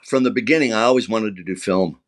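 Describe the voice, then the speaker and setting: A man's voice: on the low side, fast talker. An older male actor being interviewed, telling emotional anecdotes and acting out quoted lines. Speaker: actor guest. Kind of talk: conversational interview storytelling.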